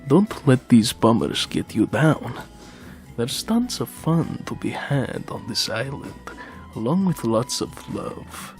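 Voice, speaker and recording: A man's voice: medium pitch, very animated, slow pace, faint music behind. A man voicing an upbeat, flirty huntress woman in a breezy, suggestive way.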